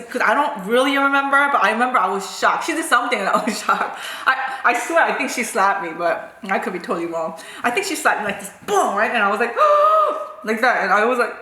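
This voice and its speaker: A woman in her forties tells a story in a chatty, animated way, with many asides. Her voice is fairly high and bright. She is recorded in an echoey home kitchen. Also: fast, hardly any pauses. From South Korea. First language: Korean. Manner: chatty, animated, full of "like" and "right?". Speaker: food vlogger. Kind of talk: casual storytelling.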